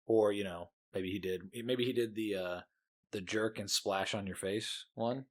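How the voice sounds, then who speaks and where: A man's voice: fairly low pitch, fairly even intonation, a little slow. A man co-hosting a podcast, chatting casually about a book, laid-back and hesitant, often searching for words. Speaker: podcast co-host.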